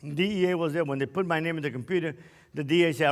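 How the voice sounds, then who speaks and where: Man in his 60s, high tenor, keynote speaker with impassioned testimony and preaching, long hall echo. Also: fairly even intonation, quick pace. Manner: storytelling that builds to forceful preaching. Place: conference stage in a large hall.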